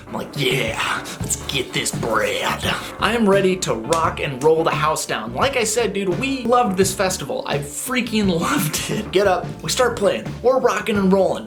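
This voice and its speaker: Animated man telling a gig story. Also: high voice. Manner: animated, laid-back slang, laughs while telling. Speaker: touring band singer and guitarist. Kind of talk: casual storytelling to camera.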